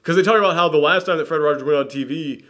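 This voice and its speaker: A young man reviewing a movie in a casual chat, talking in an animated way and using lots of fillers. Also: fairly high pitch, rapid-fire. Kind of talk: casual conversation.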